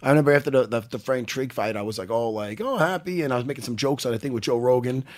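A man's voice: mid-range voice, fast talker. A middle-aged man, a former fighter co-hosting a podcast, telling jokey stories with lots of laughter. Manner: animated, laughing, jokey storytelling. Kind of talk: casual chat.

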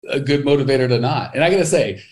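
A man hosting a podcast and coaching a guest, talking enthusiastically with big swings in pitch. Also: lively intonation, quick pace, a little mellow. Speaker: business coach and podcast host. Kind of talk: podcast interview.

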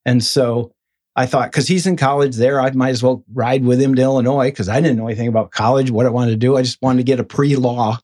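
A man in an interview telling his own story in a casual, animated way, acting out the voices of people he quotes. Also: fast talker. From Michigan. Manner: animated, acts out quoted voices with sudden high bursts.

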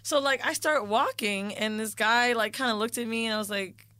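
A woman's voice: a little high, moderate pace, dry recording. A woman co-hosting a casual chat, telling a story with slang and swearing and acting out the people in it. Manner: animated storyteller, acts out quoted people. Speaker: podcast co-host telling a story.

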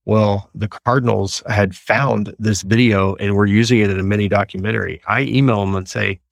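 Gravelly low-voiced man. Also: moderate pace, no room sound. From Texas. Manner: earnest, animated storyteller. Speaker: guest. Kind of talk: storytelling interview.

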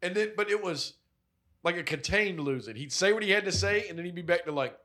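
A young man with a bright, forward voice that sits a little high, chatting casually. He tells profane, animated stories and jumps up in pitch to act out the people he quotes. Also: a little fast. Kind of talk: casual storytelling chat.

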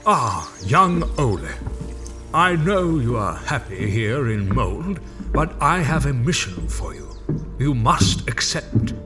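A man voicing an old, wise wizard mentor who speaks in slow, solemn pronouncements for a comic sketch. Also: mid-range voice, very animated, music in the background.

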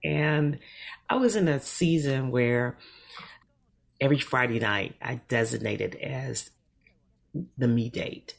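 Low husky-voiced woman, slow and sultry. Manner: sultry, relaxed storytelling with laughs. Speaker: podcast co-host. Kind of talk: casual chat.

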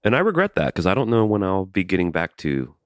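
A man's voice: deep voice, sing-song, fast, dry recording, clean studio sound. A man co-hosting a casual chat, throwing in teasing, wry questions.

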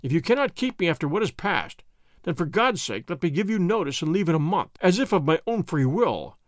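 A man's voice: a little high, sing-song, fairly quick, no echo, clean studio sound. Man reading as a desperate, pleading butler. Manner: pleading, hoarse with emotion. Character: proud, desperate male butler in middle age. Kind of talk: dramatic story reading.

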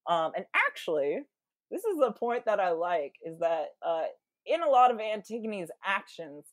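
A woman's voice: medium pitch, very animated, normal speed, no room sound. A young woman retelling a Greek tragedy in a casual, chatty way, with lots of fillers and little acted-out quotes.

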